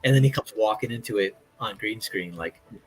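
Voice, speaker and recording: A man's voice: fairly low pitch, a little fast, rough recording. A man in casual chat while drawing on stream, telling stories animatedly and acting out quotes with a raised voice. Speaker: streaming artist.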